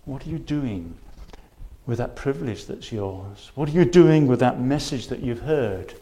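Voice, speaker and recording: His voice sits in the mid-range, warm and animated, though a little slow. He delivers an earnest church sermon full of urgent appeals and repeated rhetorical questions, quoting scripture in old-fashioned language.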